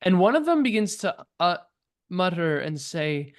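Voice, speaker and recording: Slow, halting male game master. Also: high-pitched, very animated. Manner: halting, many fillers and restarts. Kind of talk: narrating a tabletop game.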